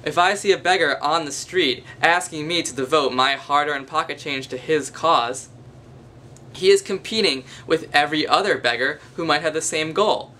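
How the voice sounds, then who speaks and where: A man's voice: a little high, normal speed, bright, forceful tone, a little hiss or hum. A young man with a nasal voice, speaking to camera in a mock-formal, pompous manner from a basement at night. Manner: pompous, long-winded formal phrasing. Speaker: vlogger. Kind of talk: mock-formal comedic monologue.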